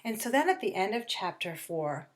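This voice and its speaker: A woman's voice: medium pitch, big pitch swings. A middle-aged woman teacher talking through a novel for her class at a distance, rambling casually with fillers and restarts. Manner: acts out characters' lines in quick bursts. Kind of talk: remote lesson talk on a novel.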